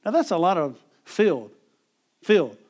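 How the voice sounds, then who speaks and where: Middle-aged male preacher, conversational sermon delivery, a little high-pitched, chuckles between points. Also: sing-song, moderate pace, darkish tone. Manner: conversational, repeats and restarts words, chuckles often.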